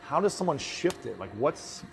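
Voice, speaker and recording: A man interviewing a guest, asking slow, deliberate questions and affirming often. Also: a little high, very animated, gravelly, a little hiss or hum.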